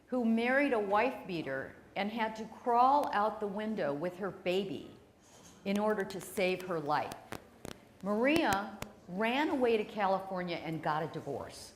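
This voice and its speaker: A woman, telling a family story on stage with dramatic pauses. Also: mid-range voice, animated, roomy sound, a little hiss or hum. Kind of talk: live personal storytelling.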